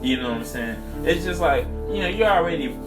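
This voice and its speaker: A man's voice: a little high, lively intonation, brisk, over music. A man from the American South co-hosting a podcast, talking in a loose, rambling way with slang and frequent laughter. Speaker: podcast co-host. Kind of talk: casual chat.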